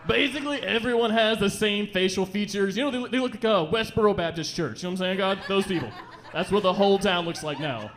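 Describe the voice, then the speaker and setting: A young man doing a rambling, profane stand-up set in a comedy club, slipping into quick voices for the people in his stories. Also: sits high, fairly bright tone, slight background noise.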